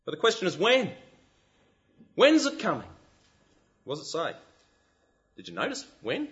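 A man preaching a sermon, animated and full of rhetorical questions. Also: high-pitched, moderate pace, dull audio.

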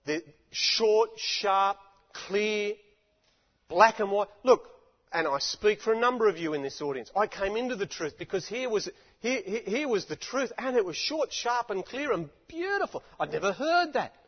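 A preacher with a high-pitched male voice and lively intonation speaks at normal speed into a stage microphone, delivering an impassioned sermon with repeated rhetorical appeals to listeners. The recording is dull and lo-fi with long hall reverb.

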